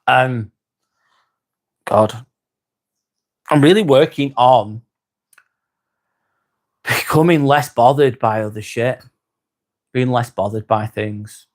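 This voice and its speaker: A livestream host from North West England, speaking East Lancashire English at an ordinary middle pitch, takes his time reading out and answering viewer comments. He's calm, warm, and winding down, calling people "mate" in a friendly, easygoing way.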